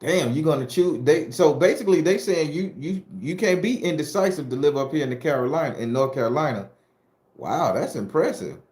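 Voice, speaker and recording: A man's voice: a little high, expressive, brisk, a little mellow, roomy sound. A middle-aged man from southern Florida hosting a spooky-story channel, chatting casually and joking with live viewers in a loose, profane way. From southern Florida, USA. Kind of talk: casual live-stream chat answering viewers.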